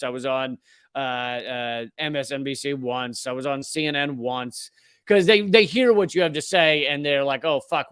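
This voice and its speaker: A male comedian from the Southern US delivers a fiery, profane political rant, tripping over his words as he pushes ahead. His voice sits high and sounds dry and close. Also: fairly bright tone, clear, resonant tone, no room sound. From Southern United States. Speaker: comedian host.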